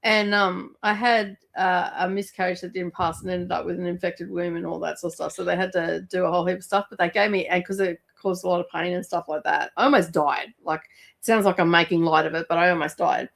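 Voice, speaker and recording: A woman's voice: lowish voice, steady tone, a little fast, creaky. A woman, telling stories in casual chat as a host, swearing freely and laughing as she talks. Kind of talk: casual livestream storytelling.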